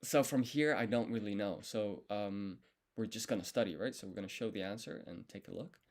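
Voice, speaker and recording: A man studying on a live stream, thinking aloud and correcting himself as he works through each character in a relaxed, casual way. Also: fairly low pitch, fairly quick. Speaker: language learner streaming his study.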